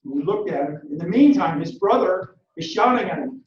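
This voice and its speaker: A male motivational speaker tells stories dramatically in a high-pitched, animated voice at a fairly quick pace, acting out quotes and shouting battle orders. The recording is dull and lo-fi, made with a distant mic in an echoey room.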